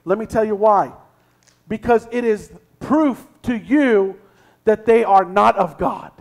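High-voiced preaching pastor. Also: male voice, takes it slowly, gravelly. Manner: reads scripture, then preaches with rising shouts. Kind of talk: sermon. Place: church sanctuary.

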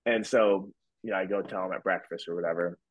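Speaking at a quick clip, this young man in his twenties sits low in pitch and keeps his tone steady. As a podcast guest he rambles loosely through a casual story, filling it with "like" and "whatever." Expect dull, lo-fi, dry audio without echo.

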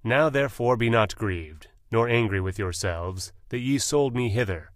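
A man's voice: fairly low pitch, lively intonation, moderate pace, dry recording, clean studio sound, close to an everyday voice. A man reading as an earnest grown ruler. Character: grown man, weeping ruler revealing himself.

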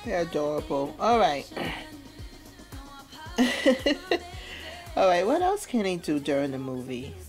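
A woman's voice: deep voice, sing-song, a little slow, long pauses, darkish tone, soft background music. A woman hosting a gameplay video, chatting playfully and casually with slangy asides. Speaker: let's play host.

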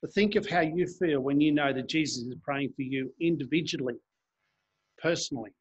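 Male preacher, slightly high and husky, earnest sermon reading scripture. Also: normal speed, highs cut off. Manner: earnest, reads scripture aloud and explains it. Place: church.

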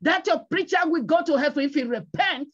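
A woman's voice: high-pitched, expressive, fairly quick. A woman evangelist delivering a sermon with emphatic, repetitive exhortations and pleading calls to repent. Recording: dull lo-fi recording.

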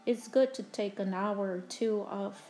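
A woman voicing a big, gentle, friendly male dinosaur in a storybook, with a calm, kindly delivery. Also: medium pitch, measured pace, faint music behind, lightly acted.

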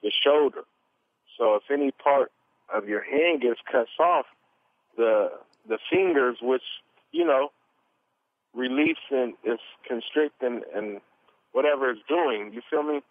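A man giving an earnest, animated testimony as an interview guest, telling his story at length. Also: medium pitch, a little slow, long pauses, no echo. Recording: tinny phone line.

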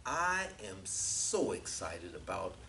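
A male pastor leading an evening Bible study, building from quiet reading to loud, emphatic preaching with frequent amens. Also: low-pitched, very animated, takes it slowly, gravelly, distant mic, a little hiss or hum.

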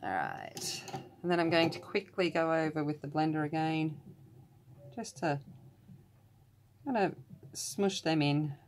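This Australian colouring channel host, her voice low, chats in an unhurried way with long pauses while she colours for a casual tutorial. Self-deprecating, she rambles into side stories. The setting sounds like a closed-door room at home with slight background noise.

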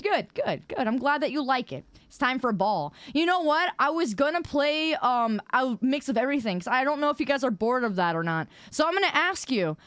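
A woman streamer bantering with her chat in a playful, sassy, mock-offended way. Her voice sits a little high and comes across smooth and clear. The sound is dry and close. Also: fairly bright tone, no room sound. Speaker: live streamer. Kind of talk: casual live-stream chat with viewers while gaming.

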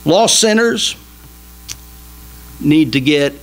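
A man preaching a sermon in a small church, emphatic and folksy, swinging between loud exhortation and quiet asides. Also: on the high side, animated, slow, long pauses, poor audio. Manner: folksy, jokes with the congregation. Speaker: pastor.

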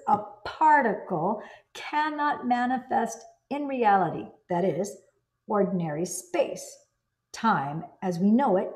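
Mellow-voiced woman reading and commenting. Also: mid-range voice. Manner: enthusiastic, exclaims and digresses. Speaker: book reader and commentator. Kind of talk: reading aloud with personal commentary.

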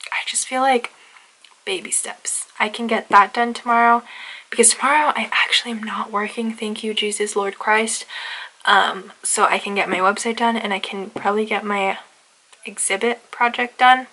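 A young woman in her twenties vlogs casually to her camera, both inside a parked car and at home, chatty and gushing and drawing out words for emphasis. Her mid-range voice is bright and forceful, and the recording is rough.

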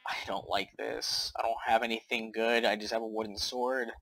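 Slow-talking jumpy young gamer guy. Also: on the low side, vocal fry, low-quality recording. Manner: jumpy, swings from hushed muttering to panicked yelling, swears a lot. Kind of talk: casual game commentary.

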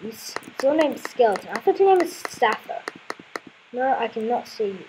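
A woman's voice: fairly high pitch, sing-song, normal speed, noisy background. A woman playing a video game, commenting casually and exclaiming in frustration with repeated words. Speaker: let's play gamer.

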